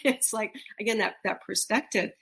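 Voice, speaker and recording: Her voice is gravelly and medium-pitched, at a normal speed. This middle-aged podcast co-host chats casually, telling lively stories and laughing as she acts out quoted voices.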